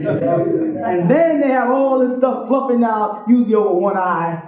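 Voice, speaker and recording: A man's voice: very high voice, animated, a little slow, a loud crowd. A man giving a joking sermon-style lecture to a congregation, acting out little scenes and laughing often, heard on an old archive recording. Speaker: religious lecturer. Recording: tinny, very echoey archive recording.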